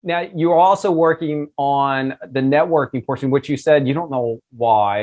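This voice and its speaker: A man's voice: mid-range voice, moderate pace, darkish tone. A man hosting an interview podcast, talking in a casual, enthusiastic way and asking long, rambling questions. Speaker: podcast host.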